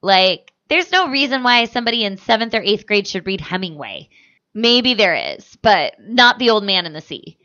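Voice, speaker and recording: A woman's voice: medium pitch, big pitch swings, normal speed, pushed and bright. A young woman co-hosting a comedy podcast, rambling through stories in casual chat and swearing freely. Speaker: podcast co-host. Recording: dull lo-fi podcast audio.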